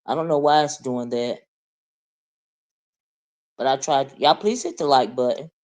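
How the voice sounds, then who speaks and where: A woman's voice: rumbling low, a little slow, a little mellow, highs cut off. A woman hosting a casual livestream, chatting with viewers, greeting them by name and asking "right?" often. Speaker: livestream host.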